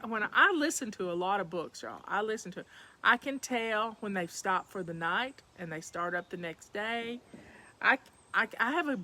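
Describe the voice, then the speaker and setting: A woman's voice: fairly high pitch, sharp tone. Folksy Southern woman chatting to viewers. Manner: folksy, chatty, says y'all to her audience. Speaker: livestream host. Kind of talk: casual chat to viewers. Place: at home.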